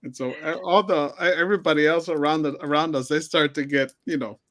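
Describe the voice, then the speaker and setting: A man, a guest on a talk show, telling a story with many pauses and restarts. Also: a little high, steady tone, a bit bright. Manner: hesitant, many fillers and restarts. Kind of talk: casual storytelling.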